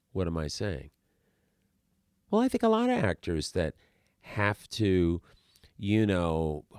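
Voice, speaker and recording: A man's voice: lowish voice, darkish tone, no room sound, clean studio sound. A man who works as an actor, talking in a casual, rambling monologue full of restarts and asides.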